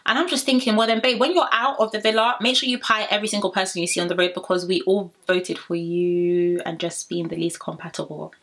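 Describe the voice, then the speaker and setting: A woman's voice: fairly low pitch, brisk, hardly any pauses. A young woman from Kent, chatting through a sassy recap of a reality show and talking straight to her viewers. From Kent, England. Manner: animated, sassy, addresses viewers directly. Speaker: reality TV reviewer.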